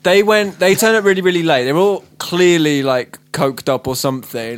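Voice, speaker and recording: A man's voice: a little high, normal speed. A man who is a sound engineer, a guest in casual podcast chat, frank, self-mocking and swearing freely.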